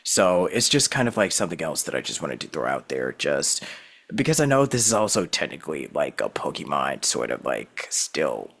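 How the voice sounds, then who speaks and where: A man hosting a podcast interview in casual, animated conversation, laughing easily. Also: a bass voice, moderate pace, creaky, husky. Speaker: podcast host.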